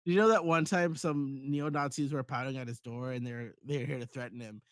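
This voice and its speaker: A man co-hosting a podcast in casual chat, joking and dropping into quick impressions. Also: mid-range voice, steady tone, no room sound, studio quality. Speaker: podcast co-host.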